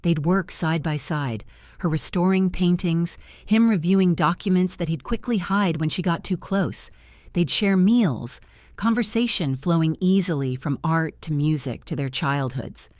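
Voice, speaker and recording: A woman's voice: lowish voice, measured pace, a little mellow, no echo, clean studio sound. Woman narrating a dramatic story.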